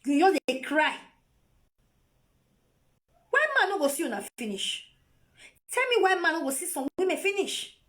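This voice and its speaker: Nigerian woman, high voice, live phone video, scolding, repeats herself, lecturing tone. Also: expressive, moderate pace, pauses often, a bit bright. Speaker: vlogger.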